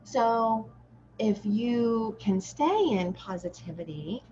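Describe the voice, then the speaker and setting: A woman's voice: mid-range voice, expressive, measured pace, a little mellow. A woman who works as a parenting educator gives an informal, earnest and encouraging teaching talk, often checking in with "right?" and "okay?". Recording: slightly dull lo-fi audio with faint noise.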